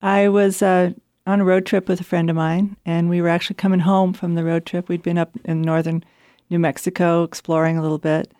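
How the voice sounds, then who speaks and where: A woman telling a casual spoken anecdote in a measured, reflective way. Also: on the low side, level tone, warm tone, dry recording, clean studio sound. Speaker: guest storyteller. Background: music.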